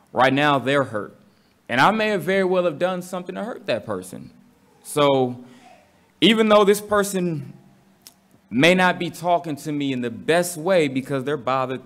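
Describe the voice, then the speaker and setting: A man's voice: mid-range voice, fairly bright tone. A man with a casual, slangy manner, teaching a Bible study to a congregation and asking the room questions.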